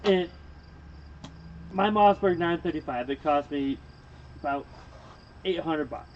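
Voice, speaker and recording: A man with a slightly high voice talks casually with a friend, often cutting in to correct the facts. The sound is muffled and lo-fi, with faint hiss. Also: slow. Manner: corrects details, chimes in over his partner. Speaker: podcast co-host. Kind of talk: casual chat. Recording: dull lo-fi recording with faint noise.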